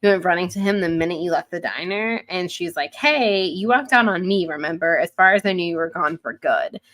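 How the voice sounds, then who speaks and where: A woman co-hosting a book podcast retells a chapter casually, voicing the characters' lines herself. Her voice is on the low side and fairly bright in tone, and she speaks briskly. She's recorded with headphones and a studio mic.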